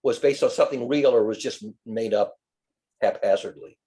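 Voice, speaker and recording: A man's voice: medium pitch, moderate pace, warm tone. Man explaining ideas step by step. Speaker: study group participant. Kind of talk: casual group discussion.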